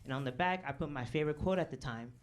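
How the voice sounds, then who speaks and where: Chatty comedian on a club stage, low voice. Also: female voice, quick pace. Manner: chatty, frequent "okay?" and "right?" asides, laughs at own jokes. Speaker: stand-up comedian. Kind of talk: stand-up set. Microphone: handheld stage mic. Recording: club audience laughing in background. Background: audience laughter.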